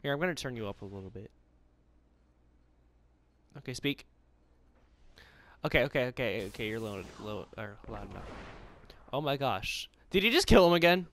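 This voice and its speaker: A young man giving casual, excitable gaming commentary, pleading and yelping in bursts. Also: mid-range voice, moderate pace, long pauses. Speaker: gamer.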